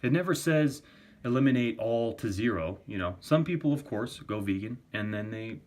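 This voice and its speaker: A man's voice: medium pitch, lively intonation, normal speed, darkish tone. A man ranting in a casual vlog, arguing for a vegan diet, swearing often and repeating himself. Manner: profane, argumentative, repetitive. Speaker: vegan vlogger.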